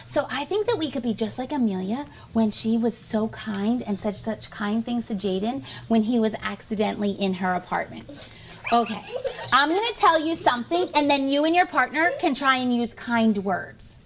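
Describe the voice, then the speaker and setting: A woman teacher leading young children in a classroom, animated and full of praise. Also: fairly high pitch, moderate pace, a little hiss or hum.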